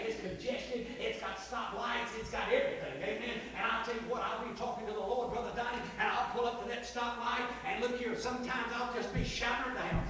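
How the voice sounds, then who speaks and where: A man preaching a sermon, calling for amens and building up to shouts. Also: high-pitched, very echoey, long reverb tail, far from the mic, poor audio. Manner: call-and-response, rising to shouts.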